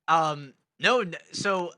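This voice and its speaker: A young man with a bright, forceful voice, a bit high for a man, spins a story on a casual podcast. He acts out every shout he quotes. The sound is dry and close. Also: takes it slowly, dry recording. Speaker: podcast co-host.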